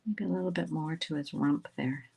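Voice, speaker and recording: A woman with a slightly low voice hosts a relaxed crafting livestream. She chats steadily as she works, drifting into quiet murmured asides, with a faint hiss and small clicks behind her. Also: brisk, creaky. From Canada. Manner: chatty, talks while working, drifts into soft murmured asides. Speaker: craft instructor and livestream host. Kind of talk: casual livestream crafting tutorial.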